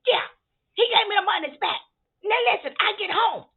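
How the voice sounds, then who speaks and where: A woman playing a feisty older churchgoing usher with a gravelly voice, telling a comic story to the listeners. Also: very high-pitched, expressive, moderate pace. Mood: fired up. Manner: sassy, addresses listeners as y'all. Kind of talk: comedic character monologue. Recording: tinny phone-like sound.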